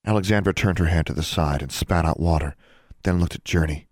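A man reading a story aloud, expressive and giving each character a voice. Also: low-pitched, fairly quick, no echo, clean studio sound. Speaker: audiobook narrator. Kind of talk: storybook narration.

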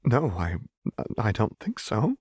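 A man's voice: fairly low pitch, wildly swooping pitch, slow pace, a little mellow, slightly rough, no room sound, studio quality, voice pushed up, heavily acted. A man voicing a defiant young woman. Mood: tense. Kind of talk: audiobook character voice.

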